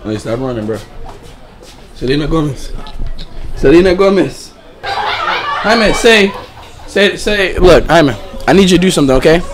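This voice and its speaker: High, lively young man joking around. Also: measured pace, long pauses, background noise. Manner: joking, teasing, laughing often. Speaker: vlogger. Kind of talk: casual prank vlog. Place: outdoors at night. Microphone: handheld phone.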